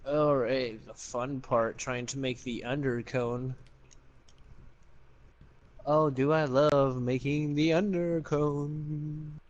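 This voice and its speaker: A man's voice: medium pitch, level tone, slow pace, pauses often, highs cut off. A man hosting a Minecraft video, chatting casually and teasing his partner with jokes and swearing. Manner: teasing, profane, joking. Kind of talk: casual gameplay chat.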